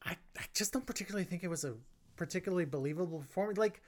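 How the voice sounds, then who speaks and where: A woman's voice: fairly low pitch, very fast, darkish tone. A woman co-hosting a casual movie review podcast, rambling with many restarts. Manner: rambling, frequent restarts and laughs. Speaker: podcast co-host.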